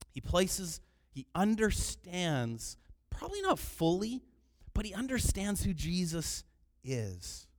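A man with a somewhat high voice delivers a sermon with lively energy. He swings between quiet, reflective asides and loud, dramatic cries as he acts out the figures in his story. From Canada. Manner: animated preaching, acting out quoted cries loudly. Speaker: pastor.

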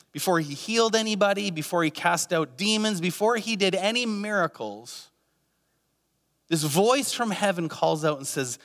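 A man's voice: high voice, fairly bright tone, long reverb tail. A man preaching a sermon as a pastor, earnest, with many rhetorical questions and repeated phrases.

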